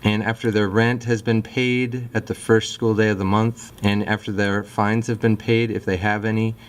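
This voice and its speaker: A fifth grade teacher, a man, explaining his classroom methods in a relaxed, chatty way with frequent fillers. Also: on the low side, moderate pace.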